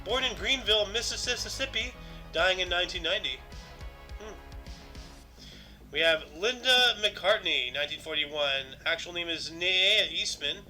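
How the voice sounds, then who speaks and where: A man with a high, very bright voice hosts a casual podcast, reading through lists of historical births and deaths. He adds dry asides between entries, and faint music plays under his voice. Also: unhurried, poor audio. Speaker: podcast host.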